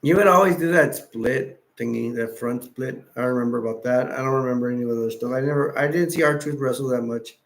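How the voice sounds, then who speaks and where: A man's voice: mid-range voice, a little fast, hardly any pauses, slight background noise. A tired man hosting a late-night livestream, rambling casually and reading chat messages and wiki text aloud. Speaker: livestream host.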